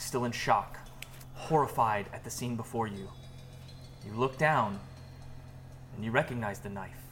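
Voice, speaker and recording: A man narrating as game master of a tabletop game, slow and deliberate with dramatic pacing. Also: medium pitch, fairly bright tone. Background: music.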